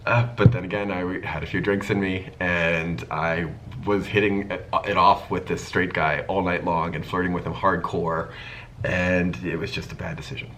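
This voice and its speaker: Low-voiced man telling a casual story. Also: normal speed, background noise. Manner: animated storytelling, acting out the dialogue. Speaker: YouTube host.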